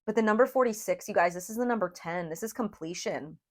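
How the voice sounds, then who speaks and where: A woman's voice: medium pitch, fast. A woman giving a casual tarot reading, chatty and emotional, addressing her viewers as "you guys" with lots of "like". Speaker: tarot reader.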